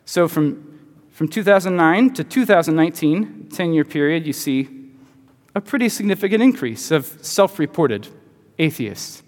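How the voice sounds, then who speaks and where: Guy teaching a class, chatty, asks the room questions, voice kinda high, lots of hall echo. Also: expressive, normal speed. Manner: conversational, asks the audience rhetorical questions. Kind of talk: conversational lecture to a group. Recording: long hall reverb.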